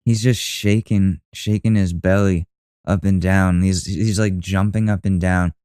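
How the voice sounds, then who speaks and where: A man's voice: low-pitched, steady tone, a little slow, dark tone, clean tone, no room sound, clean studio sound. A young man hosting a podcast, reacting to a video with mocking, profane, rambling commentary. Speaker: podcast host.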